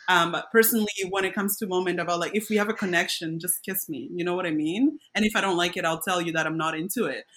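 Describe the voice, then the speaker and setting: A woman's voice: mid-range voice, fairly bright tone. A young woman co-hosting a podcast in casual chat, chatty and giggly as she tells stories. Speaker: podcast co-host.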